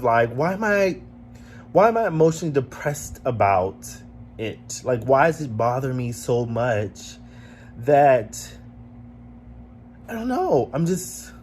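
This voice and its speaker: A man's voice: mid-range voice, a little mellow, a little hiss or hum. A man hosting his own vlog, talking in a casual, reflective and emotional way, rambling with lots of "like" and just woken up. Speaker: vlogger host.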